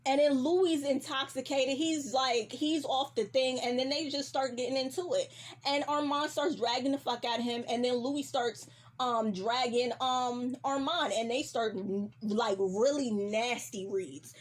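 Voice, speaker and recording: Young female recap host, animated, slangy, husky. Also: sits high, measured pace. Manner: animated, slangy, heavy profanity. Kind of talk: casual TV recap.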